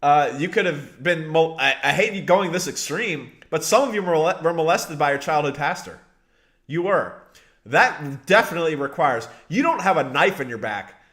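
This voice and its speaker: A man's voice: a little high, lively intonation, moderate pace, fairly bright tone. A man preaching a conversational sermon, speaking straight to his listeners and repeating phrases for emphasis. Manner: addresses listeners directly, many restarts. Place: live stream broadcast.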